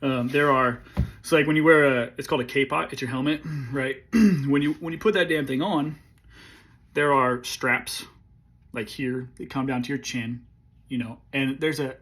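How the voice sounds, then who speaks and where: A man in his forties, an army veteran, telling a story in a casual, laid-back way, swearing freely and often clearing his throat. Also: medium pitch, steady tone, normal speed, fairly bright tone.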